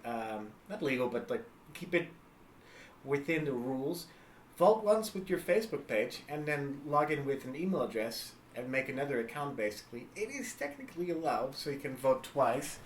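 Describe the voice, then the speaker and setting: A man's voice: mid-range voice, sing-song, normal speed. A man co-hosting a casual livestream chat, explaining things with many fillers and restarts. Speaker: livestream co-host. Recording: echoey room with faint background noise.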